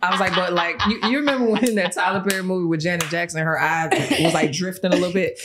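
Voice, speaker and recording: A woman in her thirties with a St. Louis accent, a podcast guest in casual chat, talking in a relaxed, drawling way. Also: on the low side, fast talker, background noise. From St. Louis, USA. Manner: relaxed, drawling, repeats words as she restarts.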